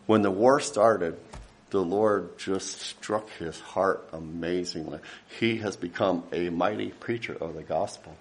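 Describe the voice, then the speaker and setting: A man with a fairly low voice gives a casual slideshow talk about his mission work. He rambles from story to story, restarting his sentences and chuckling along the way. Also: unhurried. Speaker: missionary giving a ministry update.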